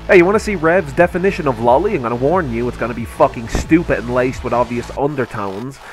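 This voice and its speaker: A man's voice: medium pitch, fast talker, soft background music. A man hosting a commentary video, ranting heatedly and sarcastically with constant swearing. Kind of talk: angry rant commentary.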